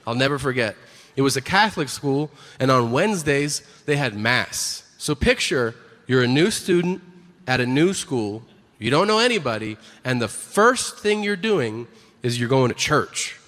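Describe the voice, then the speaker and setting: A man's voice: mid-range voice, big pitch swings, normal speed, a bit bright, big-room sound. A man doing a stand-up comedy routine on stage before a live audience, telling profane stories and acting out the characters in them.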